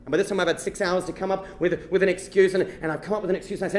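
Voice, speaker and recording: A male comedian telling a long true story to a live audience. His voice sits high and he talks quickly, dropping to a hush and then bursting out loud. The sound rings around a roomy theatre. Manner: animated, swings from hushed to shouting. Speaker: stand-up comedian. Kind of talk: storytelling stand-up. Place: stage before a live audience.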